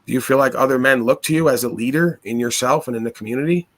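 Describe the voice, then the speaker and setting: A podcast host talks philosophy in earnest during a casual chat, posing probing rhetorical questions. His mid-range voice is a bit bright and moves at a quick pace.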